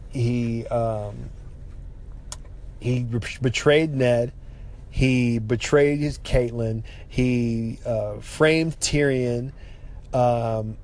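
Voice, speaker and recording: A man giving a casual, animated spoken recap of a TV episode, exasperated and swearing freely. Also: mid-range voice.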